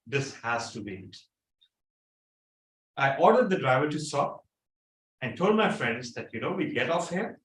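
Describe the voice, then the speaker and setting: A man tells a funny tale in a lively, theatrical way, his voice swooping up and down. He stands some way from the mic, and the echoey room carries his voice. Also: a little high, distant mic, slight background noise. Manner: animated, theatrical. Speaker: club speaker. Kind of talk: humorous storytelling speech. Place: meeting room.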